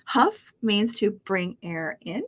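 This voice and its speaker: Slow, encouraging American teacher woman. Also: medium pitch, sing-song. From United States. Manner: patient, encouraging, laughs often. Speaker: English teacher. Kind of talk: pronunciation lesson.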